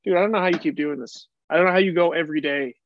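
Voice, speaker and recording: High raspy guy laughing and cursing, sounds muffled, dry. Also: very fast, a little hiss or hum. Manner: swears a lot, laughs, exclaims. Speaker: guest. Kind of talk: casual podcast chat.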